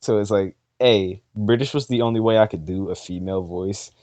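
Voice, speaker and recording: A man co-hosting a casual what-if voice chat, talking in an animated, rambling way and laughing often. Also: fairly low pitch, fairly quick, no room sound. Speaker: co-host of a what-if collab.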